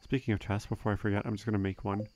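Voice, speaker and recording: A young man giving relaxed, rambling gameplay commentary, thinking aloud with frequent fillers. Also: on the low side, racing, a little hiss or hum. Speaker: let's play gamer.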